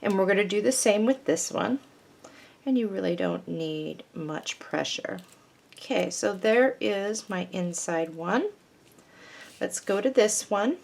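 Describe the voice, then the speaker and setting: Slow, patient woman teaching a craft. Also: mid-range voice, expressive, creaky, a little mellow. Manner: patient, instructive, talks through each step. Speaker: craft tutorial host. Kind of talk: step-by-step craft demonstration.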